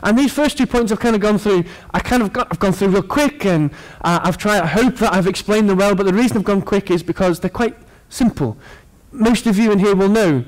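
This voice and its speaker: Male preacher, slightly higher voice, sermon delivery, earnest with joking asides to the congregation. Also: a little fast, hardly any pauses.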